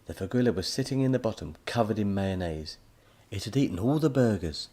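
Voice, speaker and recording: A man narrating a children's audiobook in a lively storytelling manner. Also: lowish voice, fairly quick.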